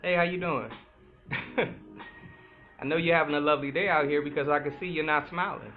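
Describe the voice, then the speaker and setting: A man's voice: mid-range voice, normal speed, pitched below the performer's own voice, natural voice. A man doing a dry, witty club charmer. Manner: dry, sarcastic, calm. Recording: phone-like sound with music behind.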